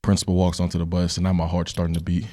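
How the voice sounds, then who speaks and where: A young man hosts a podcast in casual chat with a low, mellow voice. He talks fast and tells stories with animation, often tossing in "right?" to check in with his listener. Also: completely flat delivery. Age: young adult. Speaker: podcast host.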